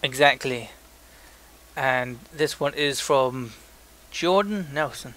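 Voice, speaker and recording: A man's voice: medium pitch, slow, sharp tone. A young man co-hosting a casual podcast, reading listener emails aloud in a joking, loose way with frequent stumbles. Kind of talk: casual chat.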